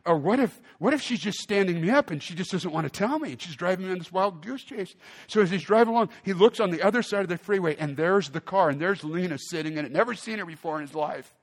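A male pastor preaching a sermon, telling a story with lively acted-out quotes and big swings in loudness. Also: high-pitched, fast talker.

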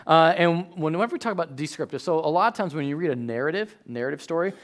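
A fast-talking pastor in his thirties with a slightly high voice delivers an animated, chatty sermon. As he tells stories, he abruptly raises his voice into loud outbursts.

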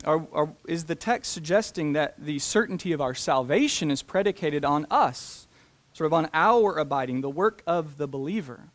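A man preaching a sermon, talking deliberately and slowing down to stress key phrases. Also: on the high side, expressive. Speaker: pastor.

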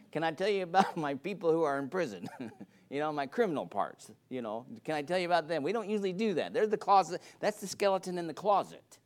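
A man preaching a sermon as pastor, emphatic with a repetitive, building cadence. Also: a little high.

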